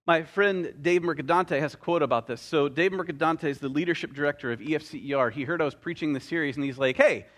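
Pastor, male, slightly high voice, sermon delivery with story hooks and dry asides, drags out key lines for weight. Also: a bit bright. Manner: storytelling preacher, slows down on key phrases, light humorous asides.

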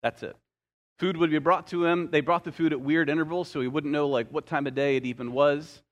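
A male pastor preaching a sermon, telling stories with light humorous asides and slowing down to stress key phrases. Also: on the high side, steady tone.

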